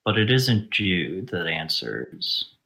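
A man running a tabletop game as game master over online voice chat, narrating in a measured way. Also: deep voice, big pitch swings, creaky, pushed and bright, poor audio.

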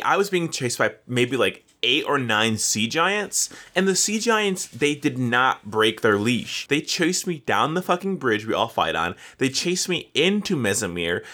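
A man co-hosting a casual gaming chat, ranting with lots of profanity. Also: medium pitch. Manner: profane, ranting, animated complaints. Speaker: podcast co-host.

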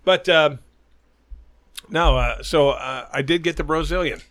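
A man's voice: on the high side, unhurried, a bit bright, dry recording. A middle-aged man on a podcast, telling a long, loose story with lots of swearing. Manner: rambling storyteller, swears a lot. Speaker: podcast host. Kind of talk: casual chat.

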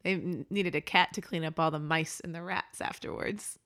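A woman's voice: on the low side, fairly even intonation, normal speed, a bit bright, dry recording, studio quality. A woman co-hosting an improvised comedy podcast, playful and giggly, riffing with silly bits.

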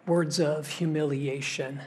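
A man with a fairly high voice preaches a sermon at an unhurried, deliberate pace. He builds emphasis through repeated phrases and at times drops almost to a whisper. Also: steady tone, slight background noise. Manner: emphatic preaching, dropping to a hush for key lines. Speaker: pastor.

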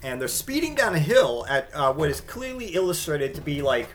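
A man giving casual comedic commentary on a picture book, wry and rambling, halting often with fillers. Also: on the high side, very animated.

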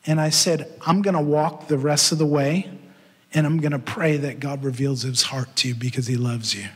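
A man preaching a sermon as pastor and podcast host, telling a story in an animated way and acting out the voices he quotes. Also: a little high, normal speed, breathy edge. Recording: long hall reverb.

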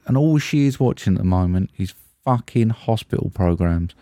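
A man's voice: lowish voice, expressive, fairly quick, mellow, dry recording, clean studio sound. A man co-hosting a podcast, telling everyday stories in a chatty, blunt and sweary way. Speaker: podcast co-host. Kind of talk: casual chat.

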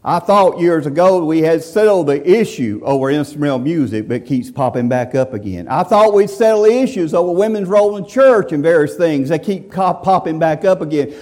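A man's voice: on the high side, brisk, hardly any pauses, a little mellow. A man preaching a folksy, emphatic sermon. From central Alabama, USA. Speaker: visiting preacher.

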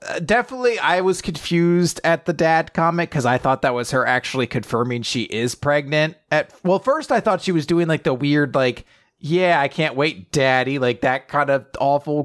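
A man's voice: on the high side, animated, moderate pace, a bit bright, no echo, studio quality. A man co-hosting a casual chat, recapping a story with acted-out quotes and lots of fillers. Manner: rambling, acts out quotes, frequent fillers and swearing. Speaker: podcast co-host.

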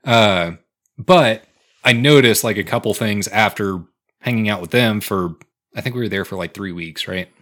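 A man's voice: lowish voice, moderate pace, a bit bright. A man in his twenties co-hosting a casual podcast chat, laid-back and swearing as he tells stories. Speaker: podcast co-host.

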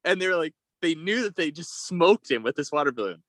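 Young man, lively, swearing storyteller. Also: a little high, brisk, dry recording. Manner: rambling, profane, laughs while telling stories. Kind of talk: casual storytelling chat.

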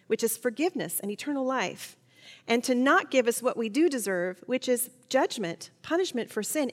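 A middle-aged woman leads a Bible study lesson, her voice pitched a little high. She tells personal stories in a chatty way, stumbling and restarting as she goes, and a long hall reverb trails after her words. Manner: warm personal storytelling with fillers and restarts.

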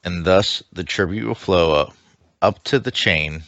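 A man's voice: low-pitched, a little slow, a bit bright, dry recording. A man voicing a ruthless male alien king who lays down harsh law in a commanding, declaiming way. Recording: dull lo-fi mic with faint hiss.

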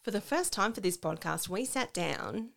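A woman co-hosts a podcast in casual conversation. She is reflective and talks through her opinions at length. Her voice has a marked gravelly fry. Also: medium pitch, animated, moderate pace, background noise. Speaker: podcast co-host. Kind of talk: casual chat.

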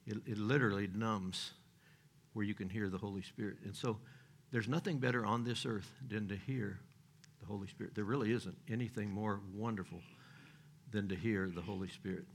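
A man's voice: on the low side, a little fast. An older man preaching a sermon in a folksy, joking way, with loose restarts and chuckles.

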